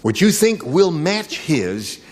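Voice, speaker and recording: A man hosting a game show in a TV studio, chatting with contestants and tossing off quick jokes. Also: fairly high pitch, sing-song, a little mellow, a little hiss or hum. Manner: joking, quick quips with the panel. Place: television studio. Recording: studio audience and music. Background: audience laughter and music.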